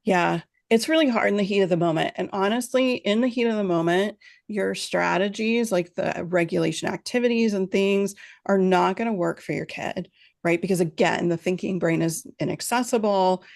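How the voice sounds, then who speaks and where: A woman answering interview questions as a parenting expert on a video call, explaining calmly and often checking in with a quick "right?". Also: medium pitch, vocal fry. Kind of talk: interview answers at a virtual summit.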